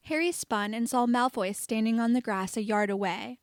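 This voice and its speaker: Woman audiobook reader, measured, fairly high voice, very dry close sound. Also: fairly even intonation, no echo. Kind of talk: fan-fiction narration.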